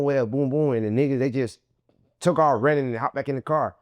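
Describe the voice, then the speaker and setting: A man's voice: medium pitch, brisk, dry recording. Guy telling a wild story in an interview, lots of slang and cussing, super dry sound. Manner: animated, profane street slang, acts out quotes. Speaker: interview guest. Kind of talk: casual storytelling.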